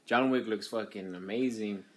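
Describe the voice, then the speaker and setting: A man with a low voice talks casually about movies, getting worked up and swearing heavily as he vents. His delivery is loose and unpolished, full of fillers, like friends hanging out. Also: normal speed. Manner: animated, swears heavily, rants.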